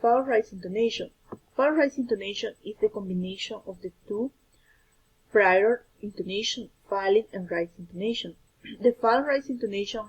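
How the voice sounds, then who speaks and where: Breathy woman reading a lesson. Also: mid-range voice, poor audio. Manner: careful, slightly halting delivery with self-corrections. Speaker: student presenter.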